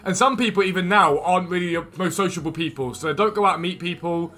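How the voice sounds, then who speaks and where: A man hosting a live game stream, chatting casually and quickly answering viewers' questions from chat. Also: sits high, sharp tone.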